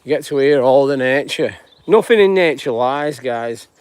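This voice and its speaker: A man's voice: mid-range voice, lively intonation, normal speed, darkish tone, clear, resonant tone, no room sound. A man, chatting casually on a live-stream walk through outdoor fields, greeting viewers and musing about life. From northwest England. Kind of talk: rambling live walk-and-talk.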